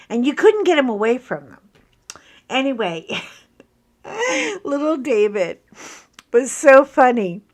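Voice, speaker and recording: A middle-aged woman talks slowly and unhurriedly as she unboxes a craft kit on camera. She is from Ireland and rambles happily, wandering off into stories and little asides. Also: on the high side, a bit bright. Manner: chatty, rambling storyteller with many asides. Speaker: craft vlogger. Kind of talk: casual chat while unboxing.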